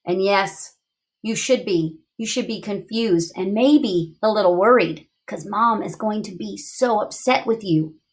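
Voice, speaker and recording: A woman teaching a reading lesson to young students, thinking aloud with big, expressive reactions to the text. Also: mid-range voice, unhurried.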